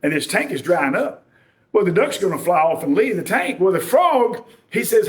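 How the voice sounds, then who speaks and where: A man's voice: high voice, sing-song, normal speed. A man preaching a sermon in a folksy, joking, conversational way.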